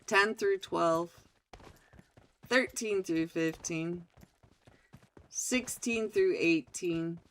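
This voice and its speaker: A woman casting a live mobile battle royale match for a stream, getting louder and more excited as the big plays land. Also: lowish voice, drawn-out words, pauses often. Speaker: esports caster. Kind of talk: live game commentary.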